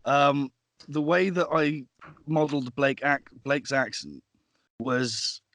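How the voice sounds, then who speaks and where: A man's voice: mid-range voice, slow pace, fairly bright tone, no room sound. Male narrator, chatty and thoughtful, dry recording. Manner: thoughtful, explains at length. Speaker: guest, audiobook narrator and producer. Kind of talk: casual interview chat.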